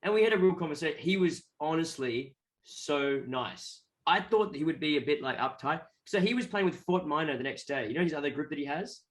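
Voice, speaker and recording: Australian male musician, animated storyteller, voice sits a touch high, casual interview guest. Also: a little fast, hardly any pauses. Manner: animated, rambling, acts out quoted voices.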